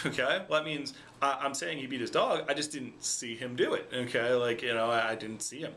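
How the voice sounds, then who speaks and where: Bright-voiced man explaining his argument. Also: medium pitch, steady tone, fairly quick, a little hiss or hum. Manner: explaining, repeats "okay?" for emphasis. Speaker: vlogger. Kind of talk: casual argumentative monologue.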